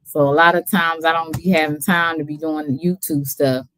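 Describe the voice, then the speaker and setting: Laid-back woman streamer, low voice. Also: fairly even intonation, normal speed, fairly bright tone, slight background noise. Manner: laid-back, chatty, laughs often. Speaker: livestream host. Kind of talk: casual livestream chat.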